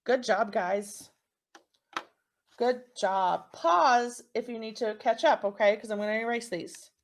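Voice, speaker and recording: A woman teacher records a phonics lesson for young children, cheering them on and sounding out words slowly. Her voice is on the high side.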